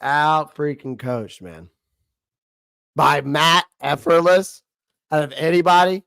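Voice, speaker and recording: A man's voice: fairly high pitch, slow pace, vocal fry, a bit bright, clear, resonant tone, no room sound, clean studio sound. A young man hosting a casual livestream, blunt and frustrated, laughing often, and losing his voice. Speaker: livestream host.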